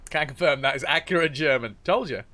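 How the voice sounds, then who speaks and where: A man's voice: a little high, a little fast, sharp tone. A man casually commenting on a game he is streaming, joking and reading its text aloud.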